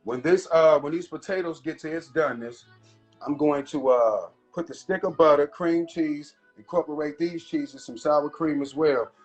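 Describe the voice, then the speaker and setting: Faint jazz plays as a man cooks live in his home kitchen, talking casually and straight to his audience. His voice is a little high, and he speaks at a moderate pace.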